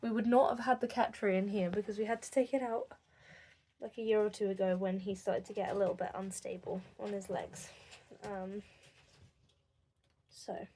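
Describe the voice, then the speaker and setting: A young woman in her home, talking softly and heartfelt to camera in a rambling video diary. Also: mid-range voice, slight background noise. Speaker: vlogger. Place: home room with pet enclosure.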